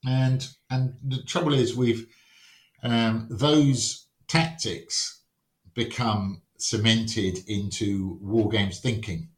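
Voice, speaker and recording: Lowish male podcast guest, wry storyteller who acts out quotes, echoey room. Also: fairly even intonation, slow. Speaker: wargames rules writer, podcast guest. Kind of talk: casual podcast conversation. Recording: roomy echo.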